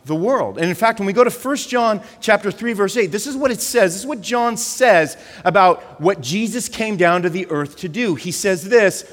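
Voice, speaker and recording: A male pastor, giving a conversational, animated sermon and leaning on filler words. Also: high voice, moderate pace, few pauses, in a large hall.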